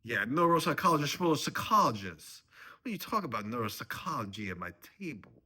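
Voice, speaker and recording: A man voicing a belligerent older father-in-law, shouting in a comic dramatic reading. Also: fairly low pitch, very animated, fast, breathy edge, voice pushed up, full character voice. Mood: outraged.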